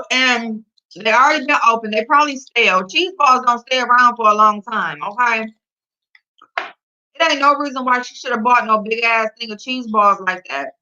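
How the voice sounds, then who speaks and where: A woman chats her way through a livestream in a bright, forceful voice, answering the chat and scolding her dog between loud laughs. The sound is dull and lo-fi, like a built-in mic. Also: a little high. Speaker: livestream host reading chat.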